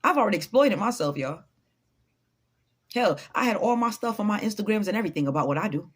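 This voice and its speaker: Husky, blunt motivational woman. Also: medium pitch, animated, fast. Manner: blunt, profane, preachy. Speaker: motivational vlogger. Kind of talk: unscripted motivational talk.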